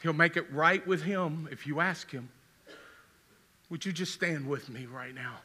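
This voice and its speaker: A middle-aged male pastor preaching a sermon and making an altar call, pleading with repeated questions and rising to loud calls in a church. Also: fairly high pitch, measured pace. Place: church sanctuary.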